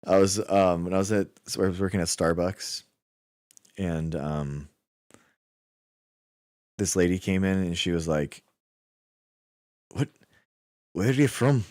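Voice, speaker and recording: Young American male streamer, very low and dry, loose rambling chat full of filler. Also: level tone, measured pace, long pauses, darkish tone, clear, resonant tone, dry recording. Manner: rambling, says "like" and "dude" a lot. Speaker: livestream host. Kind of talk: casual chat with chat viewers.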